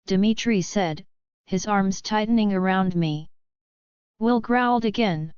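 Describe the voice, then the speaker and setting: A woman reading a romance audiobook in steady first-person narration. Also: mid-range voice, measured pace, clean tone, dry recording, lo-fi sound.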